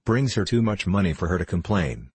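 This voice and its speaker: A man reading the part of an indignant, gossiping female house servant in an audiobook, with a low, husky voice. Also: very animated, a little fast, darkish tone, dry recording, exaggerated voice. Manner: complaining, sneering.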